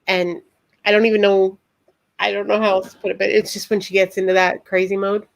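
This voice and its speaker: A woman's voice: mid-range voice, level tone, fairly quick, creaky. Earnest rambling woman, casual chat. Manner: rambling, earnest, filler-heavy. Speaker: guest co-host.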